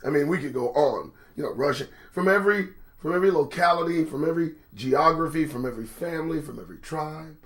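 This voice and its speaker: A man's voice: a little high, quick pace, few pauses, a bit bright. A middle-aged man hosting a live-stream commentary show, rambling and profane, greeting chat viewers by name. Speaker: host.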